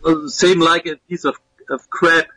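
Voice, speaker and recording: A German-accented man joins a radio show as a guest. His voice is bright and fairly high, recorded dry and close, and he answers hesitantly, sounding amused. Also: fairly even intonation, a little slow, no echo, low-quality recording. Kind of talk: phone-in interview chat.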